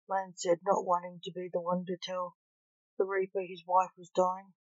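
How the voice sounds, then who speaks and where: A woman reading a fan story aloud in plain, even narration, on a dull lo-fi recording. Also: lowish voice, moderate pace, no room sound. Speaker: story reader.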